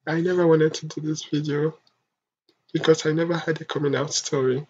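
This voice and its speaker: A young adult vlogger from Africa, speaking in a soft, halting, emotional confessional monologue. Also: medium pitch, flat delivery, husky. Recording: dull lo-fi home recording.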